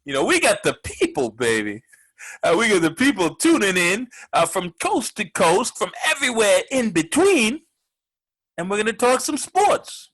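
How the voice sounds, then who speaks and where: A man's voice: high-pitched, wildly swooping pitch, normal speed, fairly bright tone, rough recording. A man hosting a comedic sports radio talk show, brash and profane, rambling with lots of filler words.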